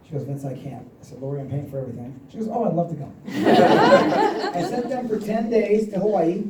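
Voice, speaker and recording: Over a noisy crowd and heavy background noise, a man in his forties gives a motivational talk in a high voice with big pitch swings, speaking a little fast. He tells stories and acts out quoted dialogue, heard through a distant mic in an echoey hall.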